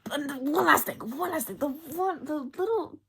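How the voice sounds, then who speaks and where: A woman giving a casual book talk as a vlogger, ranting in an animated, exasperated way with lots of fillers and bursts of laughter. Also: high-pitched, moderate pace, creaky, slight background noise. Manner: breaks into laughter.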